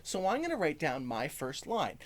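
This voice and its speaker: A male music teacher giving a first-grade lesson, speaking slowly to young children, checking in with "okay?" and singing short lines. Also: on the high side, huge pitch swings. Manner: lots of "okay?" check-ins.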